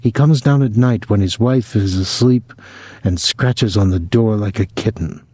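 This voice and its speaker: A man voicing a sullen, blunt foreign woman who works as a house servant, speaking flatly. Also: fairly low pitch, measured pace, husky, no echo, clean studio sound. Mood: calm, flat.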